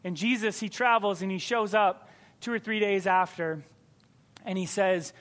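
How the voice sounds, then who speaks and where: A man's voice: high-pitched, moderate pace, fairly bright tone. A man preaching a sermon to his congregation in a conversational, emphatic way.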